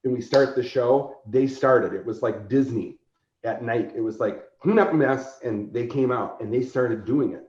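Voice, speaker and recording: A man telling convention stories in casual chat, lively and laughing, acting out quotes. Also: mid-range voice, moderate pace. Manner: animated, laughing, acts out quoted voices. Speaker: convention organizer, podcast guest. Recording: roomy, dull lo-fi sound.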